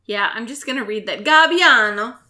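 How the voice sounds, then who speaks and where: A woman's voice: high voice, animated, fairly quick, a crowd in the background. A woman co-hosting a podcast who wisecracks and laughs at her own jokes. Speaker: podcast co-host. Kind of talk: casual chat. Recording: echoey room with loud noise.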